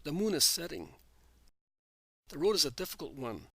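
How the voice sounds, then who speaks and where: Earnest male narrator, higher voice. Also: sing-song, bright, forceful tone, slightly rough, no room sound. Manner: measured, earnest reading. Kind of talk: scripted narration of a religious text.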